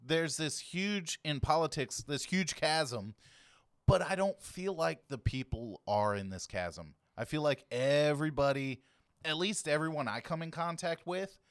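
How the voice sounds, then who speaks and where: A man hosting a podcast, easygoing and agreeable in casual chat, quick to laugh. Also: a little high, animated, smooth, dry recording, studio quality. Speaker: podcast host.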